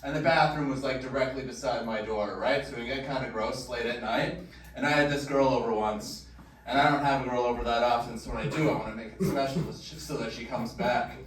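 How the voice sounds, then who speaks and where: A man's voice: medium pitch, brisk. A man in his thirties doing a stand-up set, telling a rambling story full of fillers. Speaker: stand-up comedian. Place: large room at a comedy show. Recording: echoey hall, distant mic, crowd noise. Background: audience laughter.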